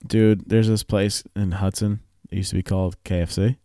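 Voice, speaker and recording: A man co-hosting a relaxed podcast, spinning anecdotes full of swearing and quick laughs. His voice sits a little low, and the recording is close and dry with no room sound. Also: clean tone, dry recording. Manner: profane, storytelling, laughs often. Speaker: podcast co-host. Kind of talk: casual chat.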